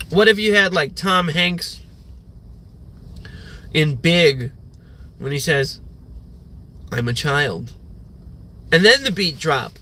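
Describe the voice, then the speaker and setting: A young man delivers a loose, profane morning rant on a livestream, padding every thought with fillers. His voice sits fairly high with a bright, forward edge, and he lets the words come out slowly and unhurried. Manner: rambling, profane, filler-heavy. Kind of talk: rambling morning rant monologue.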